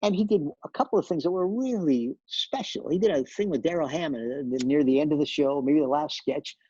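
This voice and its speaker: A man's voice: fairly high pitch, a little fast, warm tone, husky, dry recording, dull audio. An older man, a television director, telling behind-the-scenes stories in an interview, full of restarts and repeated words. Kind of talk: storytelling interview.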